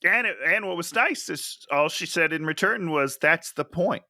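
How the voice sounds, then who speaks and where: A man with a high, bright voice riffs sarcastically on a bad comedy and bursts into character voices to mock its lines. His pitch swings widely as he talks. The sound is dry and close, with no room around it. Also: expressive, moderate pace, no echo. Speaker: podcast co-host. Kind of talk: casual comedic movie review chat.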